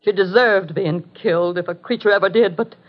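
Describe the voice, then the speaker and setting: A woman's voice: medium pitch, brisk, natural voice. An actress playing a desperate, tense middle-aged wife and mother in a 1950s radio drama, earnest and pleading. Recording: muffled 1950s radio broadcast.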